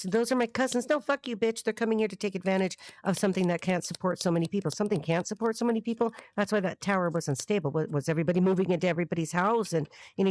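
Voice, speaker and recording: A middle-aged American tarot reader delivers a rambling, free-associating monologue, joking, swearing some, and slipping into song fragments and mock voices. She speaks on the low side with a darkish tone, captured in a dry recording.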